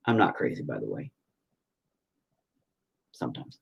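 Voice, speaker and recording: A painting vlogger chats casually while he paints, rambling, swearing and mocking himself. His low voice swoops wildly in pitch, slightly rough with vocal fry, and he speaks unhurriedly with frequent pauses.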